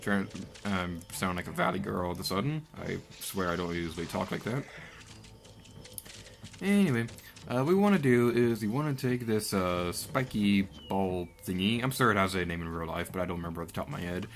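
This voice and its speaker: A man's voice: sits low, animated, a little fast, slight background noise. A young man from Florida hosting a let's play, rambling through game commentary and yelping and laughing at the action.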